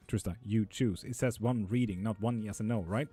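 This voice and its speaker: A man's voice: mid-range voice, fairly even intonation, normal speed, few pauses, mellow, breathy edge, soft background music. A man reading tarot on a live stream, casually reading out chat messages and answering them offhand.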